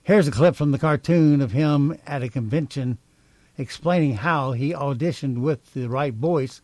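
A man's voice: mid-range voice, moderate pace, a little mellow, no room sound. A man hosting a casual radio chat, offhand and hesitant, with frequent ums between items. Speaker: radio host.

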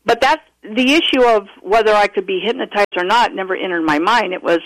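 A man calling in to tell a personal story, earnest and animated, often restarting his sentences. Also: sits high, a little fast, dry recording, low-quality recording. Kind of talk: casual storytelling interview.

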